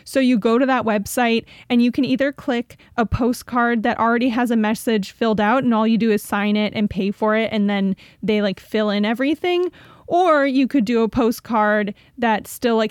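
A chatty young woman co-hosts a podcast, her voice sitting a little high. She laughs easily and talks freely. The sound is dry and close. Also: normal speed, smooth, no echo. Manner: chatty, laughs often, says "like" a lot. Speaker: podcast co-host. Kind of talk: casual chat.

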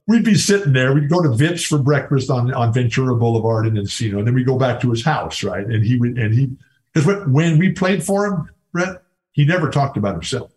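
An older man who once played college basketball is a guest in a casual interview, telling enthusiastic stories and frequently restarting his sentences. His voice is mid-range with a darkish tone, and the audio is poor.

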